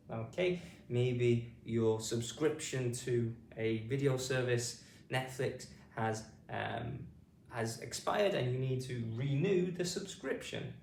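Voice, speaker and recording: A British man leads a phonics lesson at a slow, deliberate pace, with a lively pitch that rises and falls on each word he sounds out. His voice sits a little back from the mic in a roomy space. Faint noise sits underneath. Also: distant mic. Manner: slow, deliberate, sounding out letters and repeating words. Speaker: phonics teacher.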